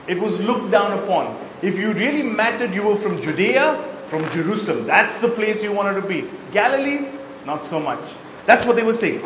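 A man's voice: sits high, a little hiss or hum. Guy preaching a sermon, reads verses then explains em, big echoey room. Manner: expository Bible teaching with verse readings and asides. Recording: echoey hall, faint ambience.

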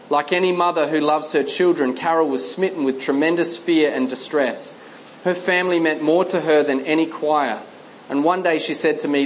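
A man reading a Christian memoir aloud as narrator, measured and earnest, slowing on key phrases. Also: a little high, slight background noise, rough recording.

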